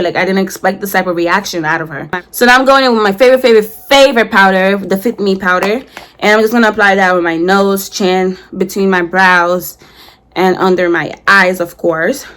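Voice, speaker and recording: A young woman in her twenties telling a storytime while doing her makeup, slangy and animated, acting out heated quotes. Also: medium pitch, fairly quick. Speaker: vlogger.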